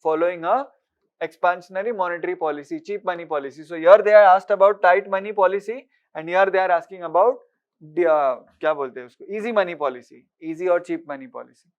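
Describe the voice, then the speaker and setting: High-voiced lecturer, lo-fi. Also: male voice. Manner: brisk, repeats words, quizzes listeners with rhetorical questions. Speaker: exam prep lecturer. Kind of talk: lecture mixing English and Hindi. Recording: dull lo-fi recording.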